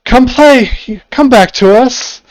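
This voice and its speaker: A man's voice: very high voice, takes it slowly, dry recording, pitched above the performer's own voice. A man voicing a chorus of playful, teasing spirit women calling out from the fog in a sing-song, luring way.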